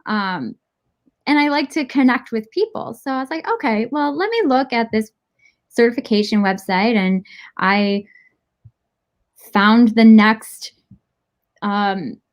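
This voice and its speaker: A woman guest in a casual interview who tells her story in an animated way, acting out the dialogue she quotes and laughing as she goes. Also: a little high, slow, pauses often. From Michigan, United States.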